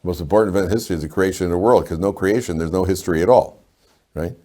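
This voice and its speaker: A man teaching a Torah class to live students, animated, asking rhetorical questions and telling jokes. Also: low voice, rapid-fire.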